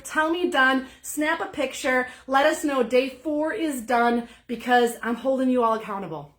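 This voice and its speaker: A woman's voice: high voice, unhurried, fairly bright tone, echoey room, distant mic. A woman leading a workout as a fitness instructor, upbeat and encouraging as she counts through the exercise, a little out of breath. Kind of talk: live-streamed workout coaching.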